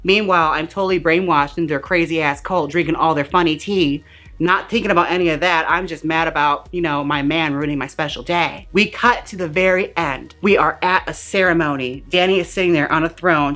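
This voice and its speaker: Sassy low-voiced woman recapping a movie. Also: brisk, fairly bright tone, soft background music. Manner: sassy, slangy, acts out characters' lines. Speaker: movie reviewer. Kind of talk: campy comedic movie recap.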